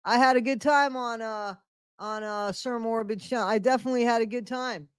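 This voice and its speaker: Middle-aged woman hosting a home live stream; chatty, repeats herself, slightly high, dry mic. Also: moderate pace, clear, resonant tone, no room sound. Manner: greets viewers by name, repeats phrases. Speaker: livestream host. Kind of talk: casual live-stream chat.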